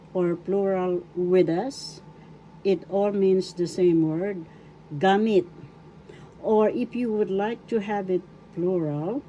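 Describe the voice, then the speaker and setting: Slow, mellow Filipino woman teaching. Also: mid-range voice, muffled recording, slight background noise. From Philippines. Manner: repeats words syllable by syllable. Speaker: Tagalog teacher. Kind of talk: slow, deliberate language lesson. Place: home kitchen.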